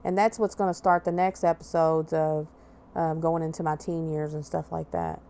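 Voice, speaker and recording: A woman's voice: low-pitched, lively intonation, moderate pace, warm tone. A woman hosting a podcast, telling a personal story in a blunt, candid way with plenty of swearing. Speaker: podcast host.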